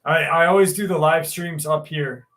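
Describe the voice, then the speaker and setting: A man's voice: a little high, steady tone, moderate pace, fairly bright tone, low-quality recording. A man hosting a casual livestream from home, chatting loosely with viewers, rambling with fillers and the odd swear. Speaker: livestream host. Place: room at home.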